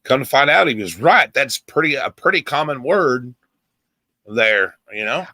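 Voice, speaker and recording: Bright-voiced man rambling in group chat. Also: medium pitch, animated, measured pace, no echo. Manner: rambling, repeats himself.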